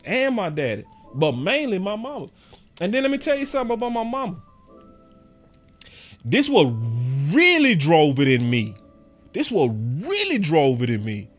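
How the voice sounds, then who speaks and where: A man's voice: high voice, very animated, moderate pace, a bit bright, soft background music. A man in his forties, a sports fan commentator, giving a passionate and repetitive rant to camera with preachy emphasis.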